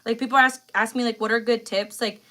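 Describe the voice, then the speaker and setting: A young woman chatting on a live stream. Her voice is bright and forward, and her words come loose, with lots of fillers and slang. She sounds emotional, like she is close to tears. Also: fairly high pitch, steady tone, brisk. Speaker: livestream host. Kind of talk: casual live stream chat.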